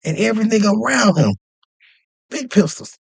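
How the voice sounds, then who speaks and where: Guy with a highish voice spinning a wild story, lots of cussing and "you know what i mean", dry close mic. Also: normal speed, gravelly, breathy edge, dry recording. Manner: animated, profane, peppers speech with "you know what I mean". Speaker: podcast host telling a story. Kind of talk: casual storytelling.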